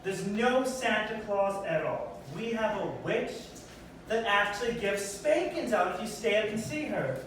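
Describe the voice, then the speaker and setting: A man doing a stand-up comedy set in a brash, punchy style with quick asides. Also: sits high, fairly bright tone. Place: performance venue. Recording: echoey room, distant mic, noisy.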